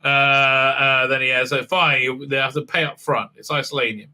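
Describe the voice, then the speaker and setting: Reviewing a TV episode, a show host rambles casually, stumbling through fillers and mocking asides and mimicking quotes in goofy voices. His medium-pitched voice shows little pitch movement and sounds pushed and bright.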